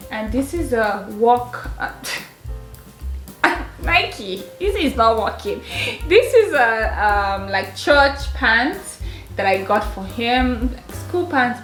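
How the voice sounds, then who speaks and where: A young mother, gushing and laughing as she chats through a kids' clothing haul at home. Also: mid-range voice. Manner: chatty and gushing, laughing often. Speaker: mother and vlogger. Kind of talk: casual clothing haul chat. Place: her home. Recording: roomy sound with faint music.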